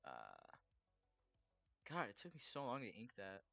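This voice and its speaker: A man's voice: mid-range voice, animated, normal speed, pushed and bright, no echo, faint music behind. A man chatting casually while he draws commissions, rambling and swearing freely. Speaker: artist drawing commissions. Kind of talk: casual chat while drawing.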